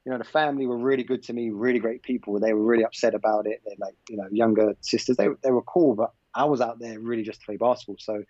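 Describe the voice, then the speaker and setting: Speaking fast with hardly any pauses, this English basketball coach recounts a personal story as a podcast guest, keeping things casual and conversational. His voice is medium-pitched and dark, with fairly even intonation. The lo-fi podcast audio sounds slightly dull and has no room sound.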